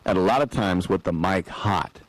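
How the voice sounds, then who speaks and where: A man's voice: low-pitched, normal speed, dry recording, rough recording. A man hosting a sports talk show, telling stories in a casual monologue and acting out the quotes. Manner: animated storyteller who acts out quotes.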